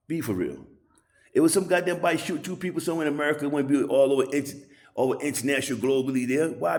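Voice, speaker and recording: Casting note: man in a loose, rambling on-camera rant, a bit high-pitched with a gravelly edge, salty language. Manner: rambling, profane, keeps asking "you know what I'm saying". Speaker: channel host. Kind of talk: casual ranting monologue.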